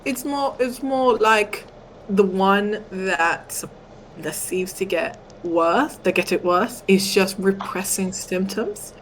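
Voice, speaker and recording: A woman's voice: medium pitch, slow, a little hiss or hum, low-quality recording. A woman in her thirties, a tired mother, chatting casually and short of breath. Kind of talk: casual chat.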